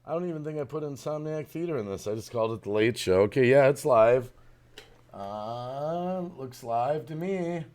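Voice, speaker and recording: A man's voice: medium pitch, animated, moderate pace, a little mellow. A man hosting a casual live stream, joking around and greeting viewers by name over a video call. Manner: jokey, reading out viewer names.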